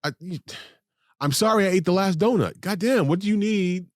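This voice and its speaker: A man's voice: high-pitched, no echo, clean studio sound. A man co-hosting a casual chat show, talking in rambling bursts with many restarts. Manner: animated, rambling, halting restarts. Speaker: co-host.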